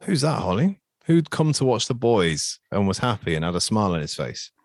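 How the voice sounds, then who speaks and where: A man's voice: fairly low pitch, very animated, brisk, dry recording, studio quality. A man hosting a casual quiz podcast over a video call, chatty and teasing as he rambles on. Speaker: quiz host.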